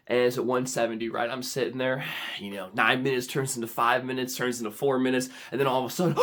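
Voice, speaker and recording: A young man telling an animated vlog story, excitable and prone to sudden dramatic squeals and shouts. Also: medium pitch, a little fast. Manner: excitable, with big dramatic squeals and shouts when quoting himself. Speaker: vlogger.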